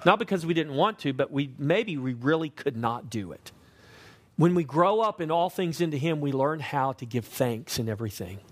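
A man preaching a sermon, emphatic, slowing to stress key words and asking the congregation questions. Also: on the high side, animated. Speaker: pastor.

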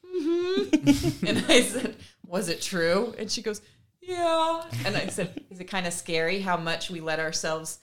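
Bright-voiced woman on a podcast telling a story, acting out what everyone said. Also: fairly low pitch. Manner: animated, acts out remembered conversations with laughs. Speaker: podcast co-host and mother. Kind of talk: casual storytelling chat.

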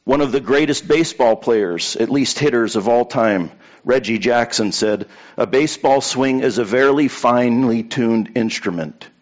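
A man's voice: medium pitch, moderate pace, dull audio. Man preaching a casual sermon. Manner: repetitive, conversational preaching with anecdotes. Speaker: pastor.

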